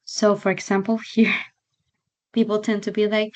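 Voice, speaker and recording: A woman's voice: mid-range voice, level tone, normal speed, long pauses, a little mellow, lo-fi sound. A young woman whose first language is Spanish, chatting and laughing as she tutors English online. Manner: chatty, laughs often, fillers like "like" and "so". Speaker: English teacher.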